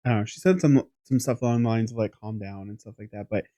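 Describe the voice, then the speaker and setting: Casual, animated male podcast storyteller. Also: fairly low pitch, a little fast, dry recording. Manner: animated, rambling anecdote with casual swearing. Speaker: podcast co-host.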